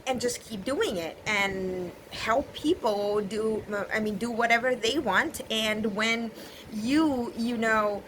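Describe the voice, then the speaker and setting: Woman, young adult, teacher. Bright, earnest and reassuring, with lots of "you know" fillers. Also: on the high side, takes it slowly, slight background noise, low-quality recording. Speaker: English teacher. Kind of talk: casual spoken advice to learners.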